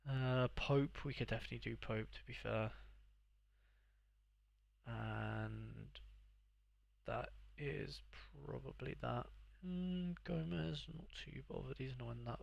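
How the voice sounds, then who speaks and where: A man's voice: mid-range voice, vocal fry, dry recording. A young man streaming live, rambling and sarcastically mocking himself as he chats. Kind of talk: live gaming stream chat.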